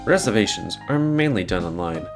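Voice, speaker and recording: A man's voice: lowish voice, expressive, a little fast, over music. A man voicing a polite, formal male Great Dane restaurant staffer in a game let's play. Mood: courteous. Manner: polite, formal, slightly probing.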